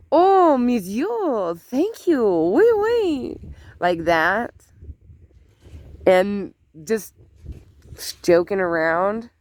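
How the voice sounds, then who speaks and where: A woman's voice: on the low side, darkish tone. An older woman, a grandmother, chatting casually on her vlog outdoors, telling a family story with laughs and asides. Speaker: vlogger. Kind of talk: casual chat.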